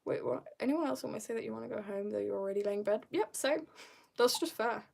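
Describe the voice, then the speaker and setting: On a drawing livestream, a teenage girl chats casually, rambling through stories and giggling at herself in a self-mocking way. Her voice sits at a medium pitch with a darkish, creaky quality, and she talks very fast with fairly even intonation.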